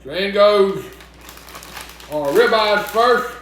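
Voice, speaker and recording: Brief: young Southern man with a high voice, cooking vlog, chatty and teasing, very echoey kitchen. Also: expressive, slow, fairly bright tone, slight background noise. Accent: Southern US (Mississippi). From Mississippi. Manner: chatty, joking, talks back to imagined critics. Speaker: cooking vlogger. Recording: very echoey room.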